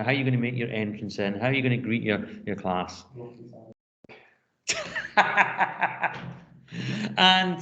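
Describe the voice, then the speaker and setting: A middle-aged man with a Scottish accent, a teacher telling classroom anecdotes in a quick, chatty way. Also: medium pitch, fairly bright tone, lo-fi sound. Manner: fast-talking, anecdotal. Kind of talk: casual classroom storytelling.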